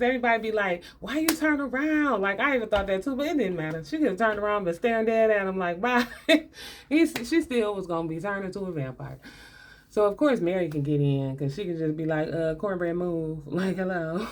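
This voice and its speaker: Woman, lowish voice, sarcastic, chatty movie recap, frequent laughter. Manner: sarcastic, laughs often, colloquial. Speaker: movie commentator. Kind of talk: casual movie breakdown.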